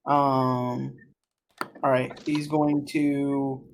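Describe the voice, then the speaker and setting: A player in a tabletop game, speaking hesitantly with many pauses and ums. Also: medium pitch, level tone, gravelly, a little hiss or hum. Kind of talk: casual game chat.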